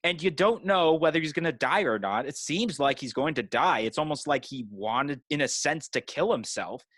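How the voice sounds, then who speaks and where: A man's voice: fairly high pitch, animated, moderate pace, a bit bright, husky, no echo. A man co-hosting a podcast, retelling a movie in loose casual chat with lots of "you know" and "like" fillers. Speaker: podcast co-host.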